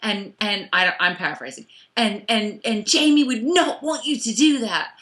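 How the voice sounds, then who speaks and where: A woman's voice: mid-range voice, moderate pace, fairly bright tone. A woman co-hosting a casual show recap, wry and sardonic in her asides. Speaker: podcast co-host.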